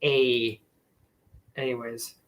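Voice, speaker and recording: A man's voice: medium pitch, little pitch movement, extremely slow, rough recording. A young man in casual live-stream chat, rambling with many fillers and restarts as he answers viewers. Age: young adult. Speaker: YouTube streamer.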